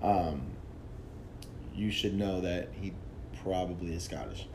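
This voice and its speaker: A man's voice: deep voice, steady tone, slow, darkish tone, slight background noise. A man hosting a casual wrestling chat, rambling and laughing often. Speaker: podcast host. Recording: echoey room with faint ambience.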